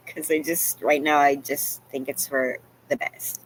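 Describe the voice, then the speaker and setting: A woman's voice: low voice, big pitch swings, slow pace, slight background noise. A woman vlogger venting to camera, rambling and self-deprecating, at times crying. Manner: rambling, tearful, self-deprecating, with many "you know"s.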